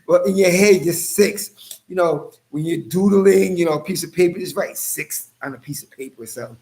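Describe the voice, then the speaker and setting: A man's voice: high voice, normal speed, gravelly, a little mellow. A man hosting a casual livestream, joking and calling out viewers by name. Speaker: livestream host.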